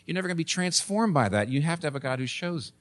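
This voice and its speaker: A man's voice: on the high side, animated, quick pace, fairly bright tone. A man in his sixties preaching a sermon in church, earnest and building to emphatic, repeated points. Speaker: pastor.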